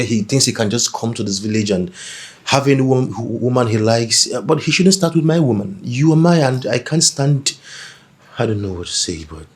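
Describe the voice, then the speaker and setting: An actor playing a jealous, insecure young man who stammers and hesitates, in a film scene with soft music. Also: lowish voice, close to an everyday voice. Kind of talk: Nollywood film acting.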